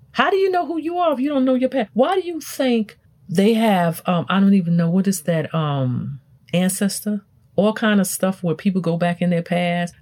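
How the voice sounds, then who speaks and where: A woman hosting a self-help show, talking emphatically in a motivational, preachy way. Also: a little mellow. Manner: preachy, emphatic, wide swings in pitch. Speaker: self-help podcast host. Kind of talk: motivational talk.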